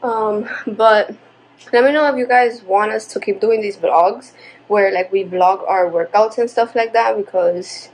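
A woman's voice: mid-range voice, a little slow, slight background noise, rough recording. A young woman, a new mother, talking casually to camera at home, out of breath after a workout and chatty and encouraging with many fillers. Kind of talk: casual vlog talk to camera. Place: at home, indoors.

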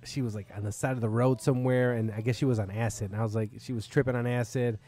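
A man's voice: mid-range voice, steady tone, fast talker, mellow. A man hosting a podcast in a bar, a comedian telling a long, rambling, profane story in casual chat.

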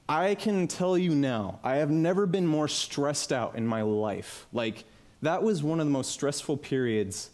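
A man in his twenties tells his story to a live audience at a conference, talking into a headset mic. His delivery is casual and animated, and he acts out the voices of the people he quotes. His voice sits a little high for a man. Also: measured pace. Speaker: conference speaker. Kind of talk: personal storytelling talk. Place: talk venue with live audience.

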